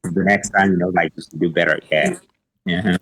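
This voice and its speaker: A man's voice: low voice, normal speed, vocal fry, fairly bright tone, a little hiss or hum. A man who is a guest in a casual podcast chat, giving earnest advice and agreeing often. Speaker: guest entrepreneur.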